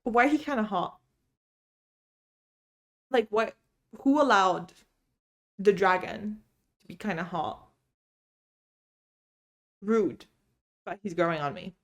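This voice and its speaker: A chatty woman vlogging about books from home. She talks casually, bubbly and animated, telling stories and laughing easily. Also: medium pitch, slow pace, long pauses. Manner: animated storyteller. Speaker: book vlogger. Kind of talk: casual chat.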